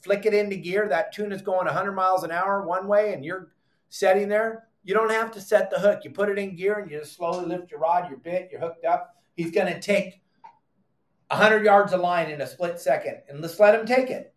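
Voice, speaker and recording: A middle-aged man hosting a fishing podcast, explaining technique in an emphatic, animated way, repeating his commands and adding exasperated asides. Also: high voice, normal speed. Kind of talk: animated how-to fishing talk. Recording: echoey room.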